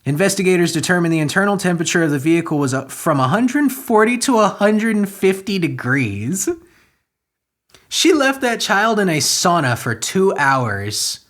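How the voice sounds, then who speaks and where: A man hosting a comedy podcast, reading news stories aloud and riffing on them with crude, sarcastic jokes and sudden loud outbursts. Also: high voice, big pitch swings, normal speed.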